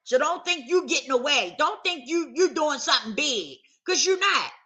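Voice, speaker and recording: A woman's voice: sits high, lively intonation, normal speed, bright, forceful tone. A woman vlogger talking straight to camera in a casual, emphatic rant, circling back to the same points with heat. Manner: emphatic, repetitive, heated.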